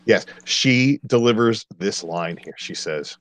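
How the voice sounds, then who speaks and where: A man with a very deep, low-pitched voice ranting through a movie review, blunt, exasperated and profane. The sound is dry and close, with no room around it. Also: animated, takes it slowly, a bit bright, no room sound. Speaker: podcast co-host.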